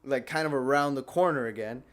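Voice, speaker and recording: A man's voice: medium pitch, brisk. A young man on a podcast telling a story in a casual, profane way, laughing often and filling his speech with "like". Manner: laid-back, profane, laughs through his story, lots of "like" fillers. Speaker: podcast co-host.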